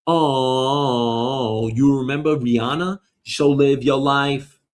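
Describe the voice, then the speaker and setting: A middle-aged man hosting a comedy show, ranting loudly and rambling, swearing a lot and slipping into mock voices. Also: medium pitch, fairly even intonation, takes it slowly. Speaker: host. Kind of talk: profane comedic rant.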